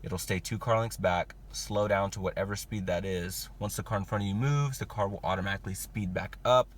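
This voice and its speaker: A deep-voiced young man tours a car from the inside, talking fairly quickly in a casual product walkthrough. He's a car reviewer with a relaxed, chatty manner and many fillers like "like" and "you know."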